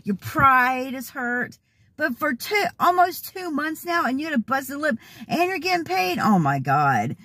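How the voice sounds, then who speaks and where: A hoarse, worked-up woman venting casually to her vlog audience with exasperated, laughing asides. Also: high-pitched, sing-song, a little slow, pushed and bright, no echo. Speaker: vlogger. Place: in a car, then at home.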